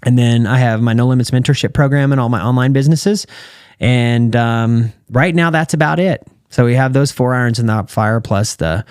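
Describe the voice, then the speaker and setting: A man's voice: medium pitch, moderate pace, smooth, no room sound, studio quality. A man in his thirties with an American accent, a guest on an interview show, telling stories casually and acting out the dialogue. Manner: animated storyteller who acts out quoted dialogue. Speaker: guest, retired champion calf roper and entrepreneur.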